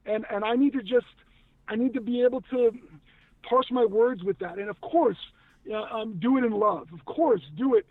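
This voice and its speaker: Talking at a moderate pace in an extremely high voice, a guest who used to act and now works in news media discusses faith earnestly and with emphasis, often restarting his sentences in a casual chat. The audio is dry and tinny, like a phone line, with no room sound.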